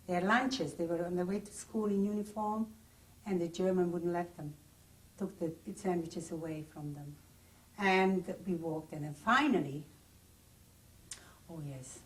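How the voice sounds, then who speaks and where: Older woman testifying from memory, plain and vivid, a bit distant on the tape. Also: lowish voice. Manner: plain, vivid first-person recollection. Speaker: interviewee. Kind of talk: oral history testimony. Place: private home.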